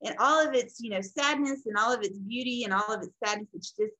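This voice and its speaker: Lady teaching a class, kinda high voice, rambly and chatty, lots of ums. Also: brisk, bright, forceful tone, rough recording. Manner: conversational, rambling with fillers and self-corrections. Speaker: instructor. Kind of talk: casual recorded lecture.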